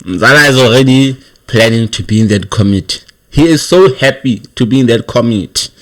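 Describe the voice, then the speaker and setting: A man's voice: medium pitch, a little fast, a little hiss or hum. Guy doing a casual politics vlog, chatty and amused, normal mid voice. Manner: chatty, amused, chuckles between points. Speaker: political commentary vlogger.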